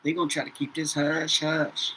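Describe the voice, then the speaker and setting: A woman's voice: low-pitched, monotone, normal speed, pushed and bright, husky, poor audio. Chatty woman reading tarot cards. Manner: says "okay?" after nearly every phrase, repeats herself. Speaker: tarot reader. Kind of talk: casual tarot reading to viewers.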